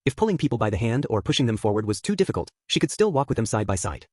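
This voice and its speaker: A man reading a light novel audiobook aloud at a quick clip. His delivery is even, his voice slightly breathy, and the recording dry and close. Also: medium pitch, no room sound. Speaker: audiobook narrator. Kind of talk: scripted narration.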